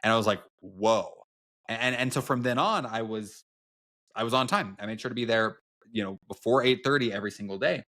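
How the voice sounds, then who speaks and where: A man's voice: medium pitch, quick pace, pushed and bright. A young man co-hosting a podcast, telling stories in casual chat with many fillers and restarts. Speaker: podcast co-host.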